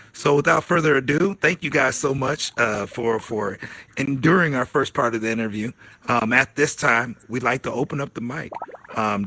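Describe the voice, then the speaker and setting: Male host, bright tone, husky, laid-back, live virtual event. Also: mid-range voice. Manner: laid-back, laughs often.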